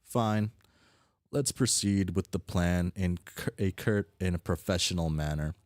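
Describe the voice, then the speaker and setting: A man's voice: low voice, unhurried, a little mellow, no room sound. A man voicing a haughty, formal young male alien troll aristocrat who speaks in stiff, pompous sentences. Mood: curt. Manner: stiff, pompous, long-winded formal speech.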